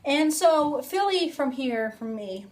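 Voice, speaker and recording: High-voiced young woman rambling storytime. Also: lively intonation, slow pace. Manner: chatty, rambling, filler-heavy "like". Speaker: vlogger. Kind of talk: casual storytime. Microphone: phone.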